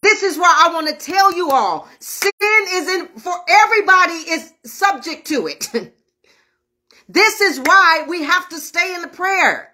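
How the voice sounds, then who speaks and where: Woman preacher, high bright voice, repeats stuff for emphasis, talks right to the viewers. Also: lively intonation, a little slow. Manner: emphatic, repetitive preaching, addresses viewers directly. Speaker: minister and host of an online prayer show. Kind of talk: online sermon.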